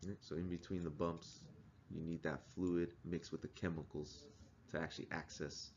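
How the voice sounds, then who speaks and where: A man's voice: low voice, level tone, normal speed, muffled recording, slight background noise. A man teaching a class, explaining things in a conversational way and asking the students questions. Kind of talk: classroom lecture.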